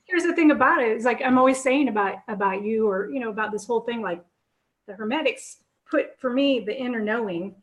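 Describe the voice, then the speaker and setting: A woman co-hosting a casual spiritual discussion, talking enthusiastically in quick bursts with restarts. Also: fairly high pitch, roomy sound. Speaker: co-host.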